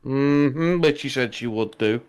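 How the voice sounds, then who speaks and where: A man at a tabletop game whose voice comes through smooth and clear. He chats casually and eagerly with the other players. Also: medium pitch, a little slow, a little mellow.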